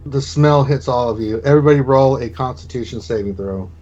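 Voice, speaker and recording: A man's voice: mid-range voice, fairly quick, a little mellow, highs cut off, soft background music. A man narrating as game master of a tabletop game, in a loose, rambling way.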